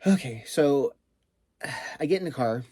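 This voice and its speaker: A man's voice: mid-range voice, lively intonation, unhurried, warm tone, husky, no room sound, clean studio sound. A man casually telling a story, rambling with many fillers and some swearing.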